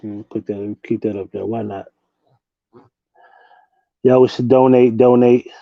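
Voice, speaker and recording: A man's voice: medium pitch, fairly even intonation, a little slow, vocal fry, no echo, muffled recording. A young man hosting a casual livestream from his desk, slangy and loose, laughing often as he talks to his viewers. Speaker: livestream host. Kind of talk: casual late-night livestream chat.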